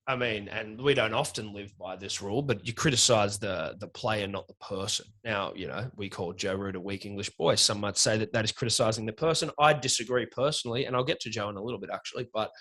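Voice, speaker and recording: A man's voice: on the low side, lively intonation, fairly quick, a bit bright. Rambling Australian man, casual profanity. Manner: rambling, profane, self-mocking. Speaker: podcast co-host. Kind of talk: casual sports chat.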